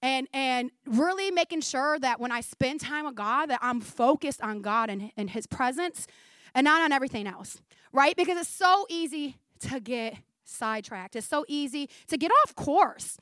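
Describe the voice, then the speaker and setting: A woman in her forties preaching a sermon to her church. She talks fast and chatty, with frequent laughs. Her voice sits high and bright, and the recording is dry and close. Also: animated, dry recording. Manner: fast, chatty, laughing often, says 'like' a lot.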